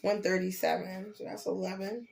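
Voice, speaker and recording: An older woman, giving a casual, animated tarot reading and cheering her listeners on. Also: medium pitch, normal speed, creaky. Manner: animated, preachy encouragement with laughs and slang. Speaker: tarot reader.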